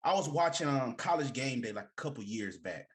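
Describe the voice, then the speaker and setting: Animated, emphatic man in sports debate. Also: brisk. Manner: animated, emphatic, loose slangy delivery with big pitch swings. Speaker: podcast co-host.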